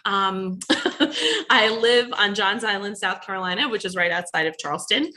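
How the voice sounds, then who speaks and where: A woman's voice: mid-range voice, moderate pace, sharp tone. A woman in her thirties from New Jersey with a Jersey accent, an author telling an audience about her life in a joking, self-deprecating way. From New Jersey, USA. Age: 30s. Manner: jokey, self-deprecating, laughs often. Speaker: author speaking at a bookstore event. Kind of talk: casual, self-mocking talk to an audience.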